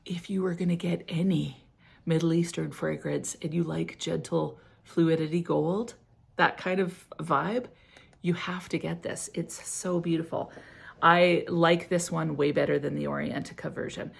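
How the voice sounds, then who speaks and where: A woman's voice: low voice, fairly even intonation, a little slow, creaky, husky. A middle-aged woman casually reviewing perfumes in a chatty, giggly, gushing way. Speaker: fragrance reviewer.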